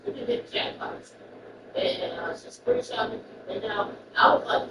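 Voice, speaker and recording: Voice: high-pitched, big pitch swings, normal speed. A speaker in casual chat who rambles and repeats phrases. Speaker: person chatting. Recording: roomy, far from mic, loud traffic noise.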